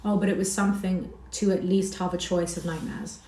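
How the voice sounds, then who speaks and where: A woman reading a classic novel aloud in a steady, measured narration. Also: lowish voice, slight background noise. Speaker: audiobook reader. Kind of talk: scripted narration. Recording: roomy echo.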